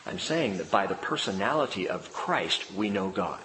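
A male pastor preaching a sermon, animated and expressive, often dropping his voice low and soft for emphasis. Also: normal speed, a little hiss or hum. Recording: echoey hall with long reverb.

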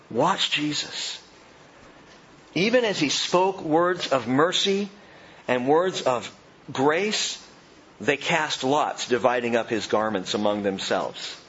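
A man preaching a sermon as pastor, swinging from loud, high emphasis to hushed, slow reflection. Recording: dull, muffled low-fi sound with faint background hum.

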